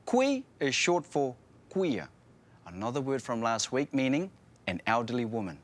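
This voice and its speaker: A man's voice: mid-range voice, sing-song, moderate pace. A man with a New Zealand accent co-hosting a language lesson show, presenting in a playful, joking way.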